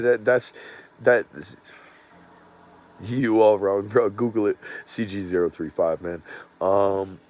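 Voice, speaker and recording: A man's voice: lowish voice, a little mellow, slight background noise. A middle-aged man with a Southern US accent, hosting a casual drone livestream in a loose, rambling way with frequent laughs. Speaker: drone channel host.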